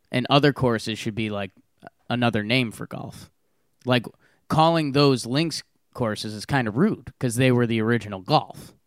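A man's voice: mid-range voice, fairly bright tone, smooth, no room sound, studio quality. A young man co-hosting a casual chat, teasing and laughing often as he rambles through tangents. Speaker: podcast co-host.

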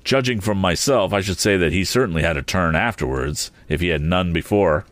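Brief: low-voiced male narrator, measured and steady, classic audiobook reading. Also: no echo.

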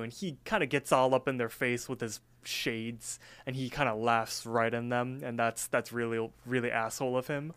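A man co-hosting a podcast, telling stories in an animated way and swearing casually. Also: mid-range voice, normal speed, few pauses, clear, resonant tone. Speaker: podcast co-host. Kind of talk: casual chat.

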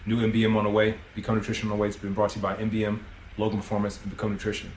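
A man's voice: fairly low pitch, completely flat delivery, very fast, darkish tone, slight background noise. Podcast guy coaching you on mindset, preachy, cusses a lot, echoey room. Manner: preachy, coaching, swears freely. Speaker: podcast host. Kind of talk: motivational monologue.

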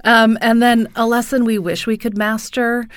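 A woman co-hosting a podcast in casual conversation, quick to agree and laugh along. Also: a little high, little pitch movement, clear, resonant tone, no room sound, studio quality. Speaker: podcast co-host.

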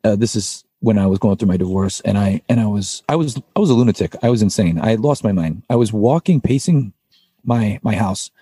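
A man's voice: fairly low pitch, lively intonation, brisk, dark tone, breathy edge, no echo, studio quality. A man, a podcast guest who sings in a metal band, tells a personal story in a casual, rambling way, full of "like" and "you know" and the odd swear word.

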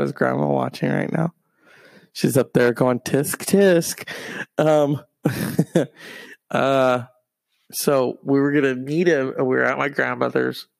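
A man's voice: mid-range voice, creaky, no echo. A young man telling rambling comic stories, meandering and full of wry asides that trail off and restart. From half Mexican.

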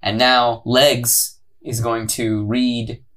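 A man co-hosting a comedy podcast, telling the story in a casual, animated way and often laughing. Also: medium pitch, drawn-out words. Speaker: podcast co-host.

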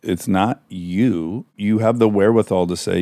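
A man's voice: fairly low pitch, measured pace, dark tone, dry recording, clean studio sound. A man hosting a podcast, talking frankly and self-deprecatingly, swearing freely. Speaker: podcast host. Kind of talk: casual interview chat.

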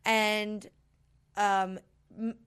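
A woman's voice: medium pitch, level tone, drawn-out words, a bit bright, clear, resonant tone. A woman co-hosting a podcast, telling gossip in a casual chat with lots of "like" and "um". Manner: chatty, many fillers like "like".

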